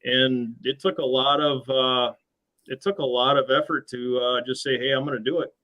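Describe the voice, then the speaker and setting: With the highs cut off in the recording, this middle-aged machine shop owner from the USA talks at a moderate pace in a medium, steady voice. As a guest in a casual interview, he comes across as earnest and hesitant, frequently restarting sentences.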